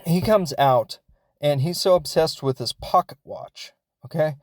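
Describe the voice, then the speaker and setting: A man's voice: fairly high pitch, measured pace, no room sound. A man hosting a podcast, recapping a film in a casual, rambling way, with lots of fillers and laughs as he goes. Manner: rambling and chatty, many fillers; laughs as he talks. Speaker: podcast host.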